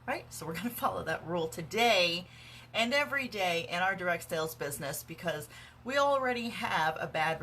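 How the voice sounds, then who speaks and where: A woman's voice: lowish voice, fairly bright tone, a little hiss or hum. A woman direct sales consultant giving casual how-to advice in a vlog, chatty with lots of fillers and dry, sarcastic humor, recorded on a phone at home. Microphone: phone camera.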